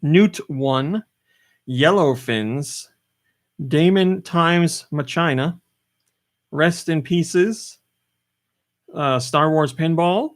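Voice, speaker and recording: Relaxed man hosting a podcast. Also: a little high, very slow, pauses often, no echo, studio quality. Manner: relaxed, reads a game list aloud. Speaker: podcast host. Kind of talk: casual podcast chat.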